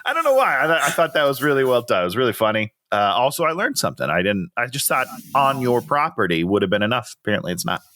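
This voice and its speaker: Guy hosting a movie podcast, super lively up and down, bright voice, laughs a lot. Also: mid-range voice. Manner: animated, laughs often, acts out scenes in quick quoted voices. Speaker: podcast co-host. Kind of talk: casual movie review chat.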